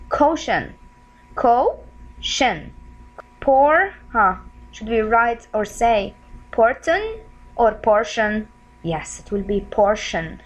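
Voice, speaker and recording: A woman teaching a spelling lesson, sounding out syllables slowly and often asking the learners questions. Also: mid-range voice, rough recording. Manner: repeats sounds slowly and clearly; friendly, asks questions of the learners. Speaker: English teacher.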